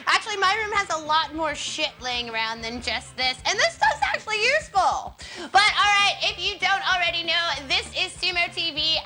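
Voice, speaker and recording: Very high-pitched bubbly American woman host. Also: sharp tone. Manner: giggly, crude, rambling. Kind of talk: casual presenting.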